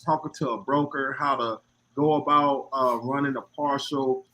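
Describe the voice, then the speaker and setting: A man on a panel about box truck work, telling lively stories and acting out what others said. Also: mid-range voice, normal speed. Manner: animated storyteller acting out quoted dialogue. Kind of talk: casual panel talk.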